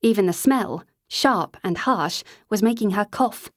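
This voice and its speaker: A woman reading a novel aloud as an audiobook narrator, in an even storytelling manner on a close mic. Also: mid-range voice, measured pace, dry recording. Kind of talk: scripted narration.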